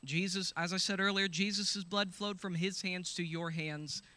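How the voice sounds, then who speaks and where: A high, bright male voice preaching a sermon. He reads scripture aloud, shouts the healing commands and calls out hallelujahs to the congregation. The sound is dry and close. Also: steady tone, moderate pace, no room sound.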